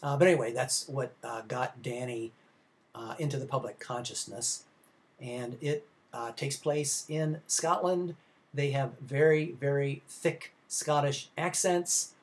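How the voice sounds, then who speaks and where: Male college film lecturer, mid-pitched voice, loose and conversational, full of uhs and restarts as he talks to his class. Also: unhurried. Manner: rambling, many filler sounds and restarts; conversational, addresses students directly. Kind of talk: recorded slide lecture.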